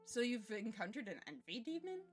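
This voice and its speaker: A woman's voice: a little high, big pitch swings, brisk, soft background music. A woman playing a tabletop game, playful and teasing, often laughing. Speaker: player.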